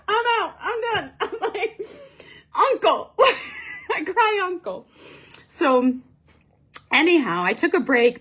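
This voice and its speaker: A woman telling a casual story as a host, animated and self-mocking, with frequent fillers. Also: a little high, slightly rough. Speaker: Pilates instructor and podcast host.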